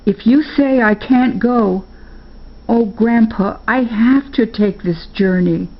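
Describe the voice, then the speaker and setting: A woman's voice: a little high, takes it slowly, lo-fi sound, pitched above the performer's own voice. An older woman voicing an eager young boy who earnestly pleads in old-fashioned rustic speech, in a storybook reading.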